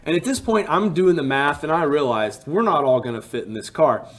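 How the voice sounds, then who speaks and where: A man from Alabama, telling a personal travel story in a casual, animated way and acting out what people said. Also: fairly high pitch, fairly quick. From Alabama, USA. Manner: animated, acts out quotes with rising emphasis.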